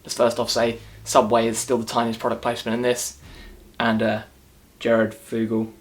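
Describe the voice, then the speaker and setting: Reviewing a movie, this man rants in a casual, mocking way, wandering off, doubling back and restarting his sentences. His pitch is ordinary for a man, his delivery completely flat and his pace moderate.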